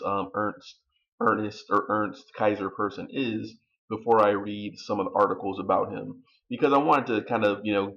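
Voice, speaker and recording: A man hosting a video, chatting casually with lots of ums and relaxed restarts. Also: lowish voice, creaky, dull audio. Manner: relaxed, many fillers. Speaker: video host. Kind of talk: casual chat.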